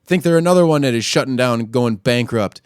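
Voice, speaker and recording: Profane ranting podcast host, dry sound. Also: male voice, fast, clean tone, dry recording. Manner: profane, crude trolling rant; gets louder and higher when worked up. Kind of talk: casual solo rant.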